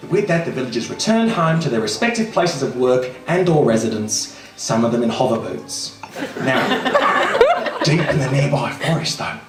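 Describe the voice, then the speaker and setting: Animated and speaking at a normal pace in a mid-range voice, a comic storyteller performs in a small live venue, theatrical and camp and giggling often. The mic is far away, the room is echoey, and music plays in the background.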